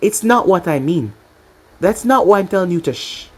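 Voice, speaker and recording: A woman's voice: fairly low pitch, expressive, normal speed, a little mellow, slightly rough. Woman voicing a cocky young male ninja. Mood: calm.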